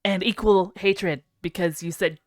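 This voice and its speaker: A woman's voice: on the low side, steady tone, a little slow, dry recording, clean studio sound, lightly acted. A woman mimicking a smug, showy friend. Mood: mock-generous. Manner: sarcastic, showy. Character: smug mock-generous male friend.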